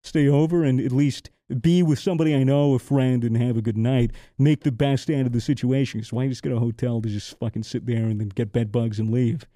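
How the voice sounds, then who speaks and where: A young man from the United States tells a story in a casual podcast chat, swearing freely and acting out the people he quotes. His voice is very dark and mellow. It is recorded dry and close. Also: mid-range voice, fairly even intonation, fairly quick, few pauses, no echo. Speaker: podcast co-host.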